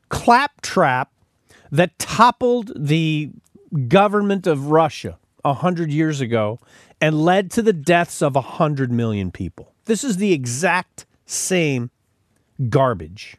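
A man's voice: a little high, sing-song, slow, no echo, clean studio sound. A man hosting a podcast, delivering emphatic opinionated commentary and often repeating words as he starts sentences. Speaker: podcast host.

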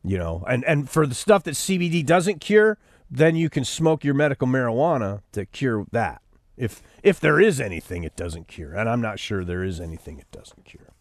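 A man's voice: medium pitch, sing-song, normal speed, no room sound. A man hosting an opinionated news commentary show, sarcastic and preachy, rising to fiery outbursts. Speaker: radio host.

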